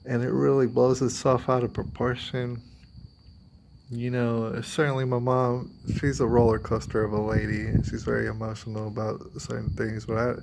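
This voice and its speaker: A man's voice: medium pitch, level tone, moderate pace, creaky, background noise. A man vlogging, talking about himself in a rambling, confiding way, sometimes acting out what others say. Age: adult, has a daughter. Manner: rambling, confiding, quotes others in put-on voices. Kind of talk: personal talk to camera.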